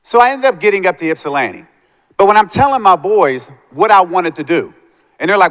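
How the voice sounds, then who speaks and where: A man's voice: high voice, lively intonation, brisk, a bit bright. A man giving a motivational talk to students, telling his life story and acting out the voices of the people in it. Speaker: motivational speaker. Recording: long hall reverb.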